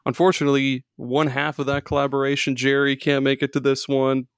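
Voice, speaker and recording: A man's voice: mid-range voice, monotone, brisk, a bit bright, clear, resonant tone, no room sound, clean studio sound. Laid-back male podcast host. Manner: jokey, laid-back, laughs often. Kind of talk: casual podcast chat.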